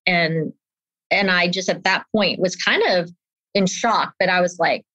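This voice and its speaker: A woman's voice: lowish voice, normal speed, no room sound. A woman in her fifties, an interview guest, telling a personal story animatedly and acting out the voices of the people in it. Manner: animated storyteller who acts out quoted voices. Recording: dull lo-fi dry sound.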